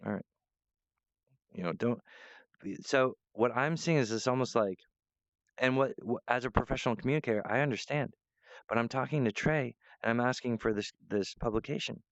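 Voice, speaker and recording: A man's voice: mid-range voice, moderate pace, no echo, highs cut off. A man rambling in a monologue to camera, meandering, restarting often and breaking off to apologize. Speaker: vlogger.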